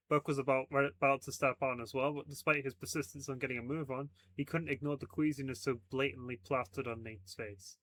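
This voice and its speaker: A man's voice: medium pitch, moderate pace, a bit bright, dry recording. A man narrating a fan story aloud, breaking off for casual, laughing asides. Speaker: fanfic reader. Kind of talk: audiobook narration.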